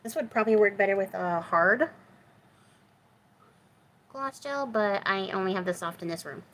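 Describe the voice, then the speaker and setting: A woman's voice: mid-range voice, lively intonation, normal speed, a bit bright, a little hiss or hum, rough recording. A woman hosting a crafting video, chatting casually and with self-deprecating humor as she works in her home craft room. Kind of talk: casual crafting chat while working.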